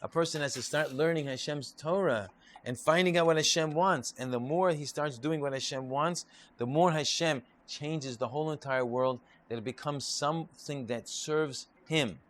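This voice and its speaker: A man's voice: fairly high pitch, moderate pace. Man teaching Torah in loose talk. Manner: repetitive, restarts often, lively storytelling. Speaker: rabbi. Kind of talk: informal Torah class.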